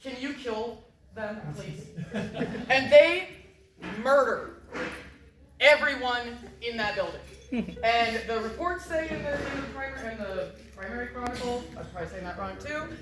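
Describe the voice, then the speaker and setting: A woman telling a story live to an audience, in a lively, joking, casual way. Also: a little high, normal speed, noisy background. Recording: roomy echo.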